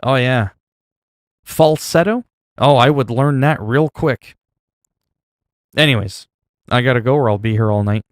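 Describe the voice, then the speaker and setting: A man's voice: medium pitch, unhurried, long pauses, no echo, studio quality. A man chatting casually on a livestream at home into a desk mic, rambling and self-mocking with lots of fillers.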